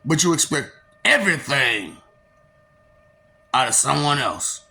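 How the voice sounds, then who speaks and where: A woman's voice: a bass voice, big pitch swings, unhurried, bright, forceful tone. A woman delivering a confrontational monologue in a taunting, mocking, preachy way.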